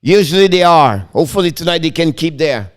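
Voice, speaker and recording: Excitable hockey streamer. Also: male voice, fairly high pitch, a little fast. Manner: excitable, switches between English and French, talks to chat viewers. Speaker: hockey live-stream host. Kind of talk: live play-by-play commentary with chat.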